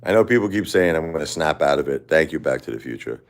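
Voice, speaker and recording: A middle-aged man hosting a livestream, talking unscripted in a quiet, halting way and often repeating himself. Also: very deep voice, expressive. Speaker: livestream host. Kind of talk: unscripted personal monologue.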